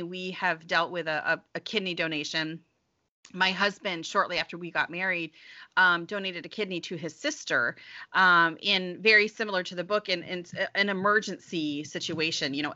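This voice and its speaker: A woman's voice: lowish voice, bright, forceful tone, highs cut off. A middle-aged woman author being interviewed, chatting casually, laughing often and restarting her sentences. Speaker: author guest.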